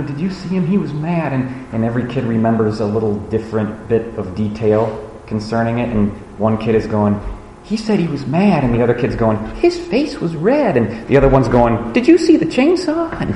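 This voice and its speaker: Man preaching in an echoey hall. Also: mid-range voice. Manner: conversational, animated storytelling with playful asides. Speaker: pastor. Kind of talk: sermon. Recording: roomy hall echo, faint noise.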